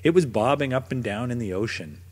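A man reading a children's picture book aloud in a gentle, expressive storytelling manner. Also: mid-range voice, fairly quick, husky. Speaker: storybook narrator. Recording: long reverb.

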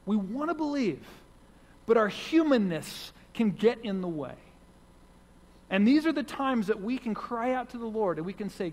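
This pastor's voice is high, with big pitch swings, a moderate pace, and a darkish tone. He preaches earnestly in a church sanctuary, repeating key phrases for emphasis, and the recording carries long hall reverb.

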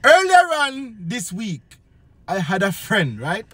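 A man's voice: high voice, huge pitch swings, slow pace, bright, forceful tone, heavily acted. A man doing a brash, bawdy preacher. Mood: boastful. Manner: preachy, sing-song, rowdy. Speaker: comedian. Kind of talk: improvised comic character bit.

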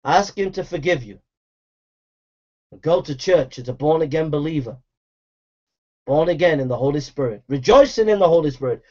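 Man, fiery preacher, high-pitched, repetitive and shouting, muffled lo-fi recording. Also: animated, normal speed, long pauses. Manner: forceful, repetitive exhortation with shouted calls to repent. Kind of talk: fiery street-style sermon. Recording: dull lo-fi recording.

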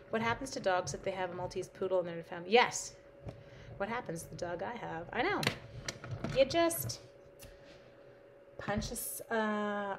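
A woman's voice: medium pitch, noisy background. A woman from Canada hosting a live card-making stream, chatting playfully with viewers and talking to her supplies. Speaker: live-stream crafting host.

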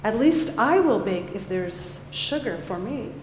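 A frantic little male cricket, put on by a woman reading aloud, high and lilting, who begs politely in a hurried, breathless way. The voice rings through a large echoey hall with a long tail of reverb and a faint room hum. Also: sing-song, a little mellow. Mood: pleading. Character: flustered hungry male cricket baker.

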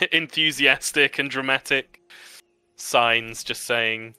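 A man narrating as game master for a tabletop role-play game, describing scenes in a warm, descriptive manner and laughing easily. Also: medium pitch, takes it slowly, clear, resonant tone, no room sound.

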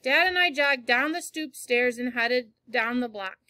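A woman reading a first-person novel aloud in clear, steady storytelling. Her voice is fairly high and bright, and the recording is dry and close to the mic. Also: a little slow, no echo. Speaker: audiobook reader.

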